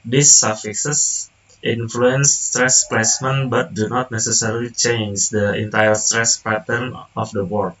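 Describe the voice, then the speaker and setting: A young man, a student whose first language is Indonesian, reading a class presentation haltingly, with restarts and self-corrections. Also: mid-range voice, steady tone, a bit bright, distant mic, low-quality recording. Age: young adult.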